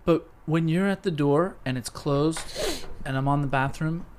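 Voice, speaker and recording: English guy on a podcast, kinda high voice, ranting and swearing for laughs. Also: a little slow, slight background noise. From England. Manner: animated, exasperated riffing, swears. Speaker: podcast co-host. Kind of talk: casual podcast banter.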